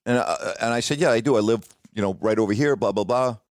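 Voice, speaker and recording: A man's voice: lowish voice, fast, dry recording, studio quality. A middle-aged man, a former sportscaster, telling a long personal story in a rambling, self-interrupting way. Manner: rambling, self-interrupting, quotes others in dialogue. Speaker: former sportscaster, podcast host. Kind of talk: casual storytelling monologue.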